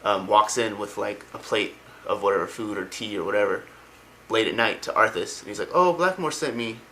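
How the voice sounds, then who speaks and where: Young man, lowish pitch, forceful tone, rambling, enthusiastic, casual retelling. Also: flat delivery, a little fast, slight background noise, poor audio. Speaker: lore explainer.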